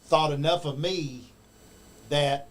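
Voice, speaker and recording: A man's voice: fairly high pitch, steady tone, slow. A man from the United States speaking in casual chat, emphatic and a bit boastful.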